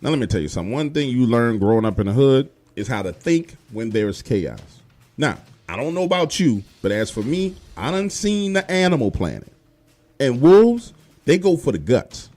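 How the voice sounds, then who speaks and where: A man's voice: medium pitch, sing-song, normal speed, warm tone. A man telling a first-person true horror story in casual, profane street slang, speaking directly to the listener. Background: faint music.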